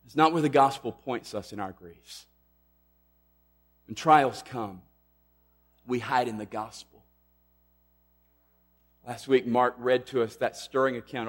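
A man preaching a sermon, emphatic, rising loud on questions and dropping to a hush on key lines. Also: mid-range voice, fairly even intonation, moderate pace, long pauses, faint music behind. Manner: emphatic, swings between loud and hushed. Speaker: pastor.

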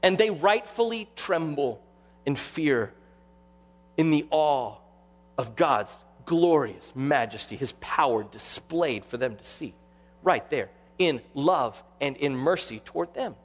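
A male pastor preaching a sermon with animated delivery, acting out quoted voices. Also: a little high, slow pace, big-room sound.

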